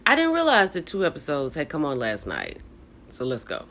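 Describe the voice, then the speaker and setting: A woman's voice: low-pitched, wildly swooping pitch, brisk, a bit bright, a little hiss or hum. A woman hosting a casual reality TV recap, chatty and opinionated, talking straight to her viewers.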